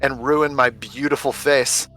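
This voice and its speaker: A man's voice: mid-range voice, steady tone, a little slow, pushed and bright, rough recording. A man playing a tabletop game, chatting casually with the other players in a rambling, joking way and laughing often. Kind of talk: casual chat between players.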